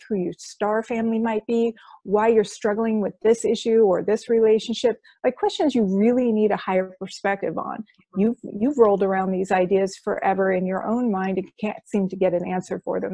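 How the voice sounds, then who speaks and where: A woman practitioner describes her hypnosis sessions in an eager, flowing interview manner. Her voice is warm and mellow, recorded close and dry with no room sound. She tends to list things off in quick succession. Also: medium pitch, no echo. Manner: enthusiastic, explanatory, lists things in quick runs. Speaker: quantum healing hypnosis practitioner. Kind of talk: conversational interview.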